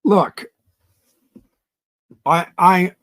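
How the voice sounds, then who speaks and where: Extremely slow and fairly even in intonation, this man's high, slightly bright voice carries emphatic indignation on his reaction channel. He often stammers over the first words of a sentence. No echo is audible.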